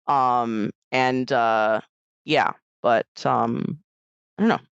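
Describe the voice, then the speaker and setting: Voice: medium pitch, very slow, vocal fry, clear, resonant tone, no room sound, muffled recording. A podcast co-host chatting casually about a film, with lots of fillers and restarts. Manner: filler-heavy, animated, frequent "like". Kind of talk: casual conversational film discussion.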